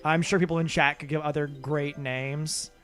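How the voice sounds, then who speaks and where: A man with a fairly high, steady, fairly bright voice talks at a moderate pace while livestreaming a game. His commentary is casual and meandering, full of self-deprecation and the occasional curse, over quiet game music.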